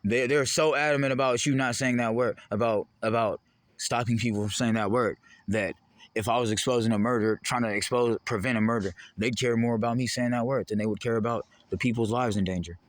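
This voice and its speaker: A man's voice: medium pitch, fairly even intonation, a little fast, no echo. A man in a heated, rambling, profane monologue to the camera. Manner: heated, rambling, profane, jumping between topics. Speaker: vlogger.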